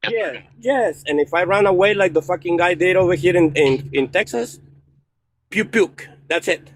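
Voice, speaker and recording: A man's voice: sits high, moderate pace, a little hiss or hum. A man calling into a live politics stream, combative and swearing, talking over the host and co-host. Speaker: caller. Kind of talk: heated call-in argument.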